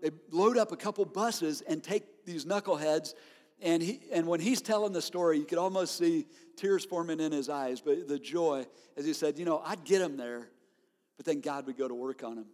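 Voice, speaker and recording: A man preaching a sermon as a pastor, telling stories in an animated way and laughing often. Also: fairly high pitch, normal speed. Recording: long hall reverb.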